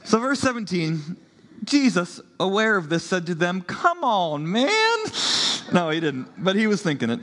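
Playful higher-voiced preacher in reverb. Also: male voice, expressive, moderate pace, fairly bright tone. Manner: playful, laughing, conversational storytelling. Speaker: pastor. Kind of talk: sermon.

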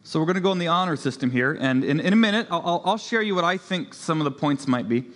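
Playful higher-voiced preacher in reverb. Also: male voice, animated, fast, a bit bright. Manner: playful, laughing, conversational storytelling. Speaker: pastor. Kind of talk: sermon.

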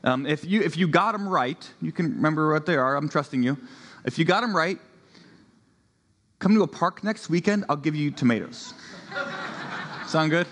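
A man's voice: a little high, expressive, moderate pace, pauses often, a bit bright, big-room sound, slight background noise. A man in his thirties preaching a sermon as pastor, in a playful, conversational way with frequent laughs.

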